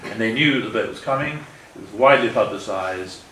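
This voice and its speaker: An older man with a fairly low voice speaks earnestly to an audience. He rambles and corrects himself as he goes, and his voice carries an echo in the room with faint ambient noise behind it. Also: a little fast, fairly bright tone, recorded from a distance. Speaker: guest speaker. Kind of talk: public talk with slides. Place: meeting hall.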